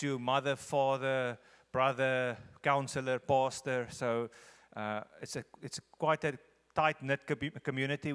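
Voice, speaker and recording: A man addresses a church congregation as a visiting speaker. His voice sits at an ordinary middle pitch and he talks earnestly, repeating phrases to drive them home. The sound rings with the long reverb of a big sanctuary. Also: fairly bright tone, smooth. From South Africa. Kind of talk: conversational church talk leading into a sermon. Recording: echoey church hall.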